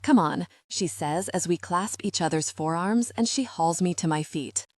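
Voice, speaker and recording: Female audiobook narrator, low voice, dry close sound, steady first-person read. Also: moderate pace, dry recording.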